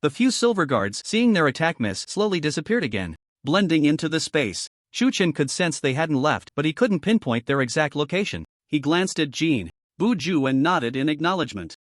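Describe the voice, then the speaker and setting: Lively male narrator, dry sound. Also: on the high side, normal speed, no echo. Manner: dramatic, expressive storytelling. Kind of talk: scripted story narration.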